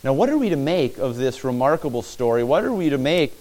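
A man's voice: medium pitch, sing-song, fairly quick, darkish tone. A male preacher delivering a sermon in a mid-range voice, painting the scene vividly and pulling listeners into the story. He leans on repetition for emphasis and keeps urging the congregation to put themselves there. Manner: repeats phrases for emphasis.

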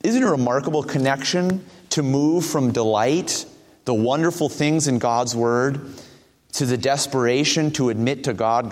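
Earnest preacher in a reverberant church. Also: male voice, mid-range voice. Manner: earnest, rhetorical questions, reads scripture slowly. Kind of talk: sermon.

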